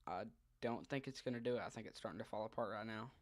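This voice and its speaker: A man's voice: lowish voice, fast talker, dry recording. A man giving live commentary on a weather radar stream, thinking aloud hesitantly with frequent ums.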